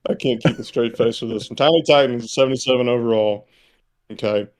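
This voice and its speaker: A man from Mississippi talks in an easygoing, middle-pitched voice on a casual podcast. He chuckles often and keeps his delivery relaxed. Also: quick pace. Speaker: podcast co-host.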